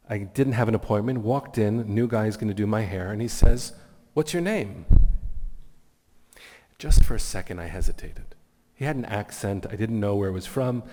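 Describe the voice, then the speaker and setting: A man speaks as a rabbi delivering an earnest, reflective keynote in a fairly low voice. His words carry a long reverb from a large event hall. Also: mellow. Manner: reflective, earnest, blessing-giving. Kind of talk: keynote sermon with storytelling.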